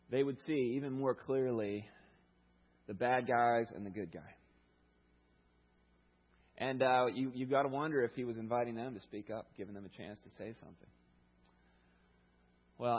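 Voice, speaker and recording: A male pastor preaching a sermon in a conversational, animated storytelling manner, heard through a dull, lo-fi recording. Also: mid-range voice, slightly rough.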